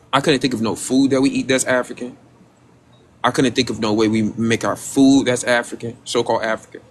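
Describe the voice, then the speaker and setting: A man's voice: medium pitch, slight background noise. A man hosting a casual livestream. He talks in rhetorical questions, addresses his audience directly, and stumbles over repeated words when searching for what to say. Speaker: livestream host.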